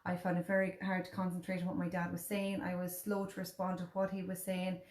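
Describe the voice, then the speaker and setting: A woman's voice: fairly low pitch, completely flat delivery, brisk, darkish tone, roomy sound. A woman in her thirties with an Irish accent, chatting casually and telling a personal story, acting out what others said. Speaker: host. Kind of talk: casual chat.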